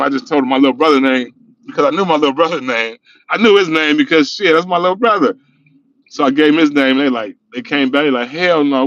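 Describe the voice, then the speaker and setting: Driving along, a middle-aged man livestreams from his car, spinning loose, profane stories and laughing as he goes. His voice is a little high and a bit bright, and the recording sounds dry and muffled.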